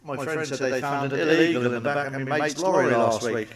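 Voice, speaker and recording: A man's voice: medium pitch, fairly quick, recorded from a distance. A man doing crude stand-up one-liners, swearing a lot and asking the listener for agreement. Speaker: stand-up comedian.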